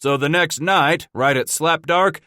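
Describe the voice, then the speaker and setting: A hot-tempered fur trapper rails in a high, loud, blustery frontier drawl, as a male narrator puts him on. He grumbles and complains steadily. The recording is dry and close. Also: a little slow, no echo. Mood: angry.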